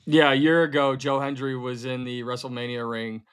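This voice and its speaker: A man's voice: mid-range voice, flat delivery, normal speed, clean tone. A man co-hosting a live wrestling watchalong, giving blunt, exasperated critique from a studio. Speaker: co-host. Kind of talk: live watchalong reaction commentary.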